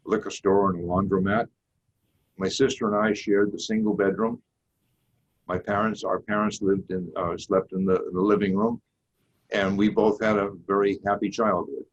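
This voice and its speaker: A man in his eighties with a Boston accent, giving a prepared seminar talk as a guest speaker in a measured, folksy storytelling way. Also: deep voice, slightly rough. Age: 80s. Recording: dull lo-fi recording.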